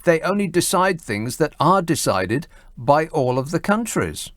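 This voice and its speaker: A man's voice: on the high side, sing-song, a little slow, a bit bright, dry recording, studio quality. A man hosting a call-in radio show, arguing with callers in a sarcastic, incredulous way. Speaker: radio host. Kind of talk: talk radio. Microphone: studio mic.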